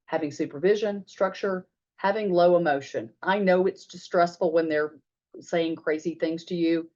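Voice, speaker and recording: A woman's voice: fairly low pitch, normal speed, darkish tone. A middle-aged American woman, a psychologist, telling case stories conversationally in a webinar and acting out the dialogue. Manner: conversational, acts out quoted dialogue with "I'm like". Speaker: psychologist presenting a family webinar. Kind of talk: casual presentation with case stories. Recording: dull lo-fi webinar audio.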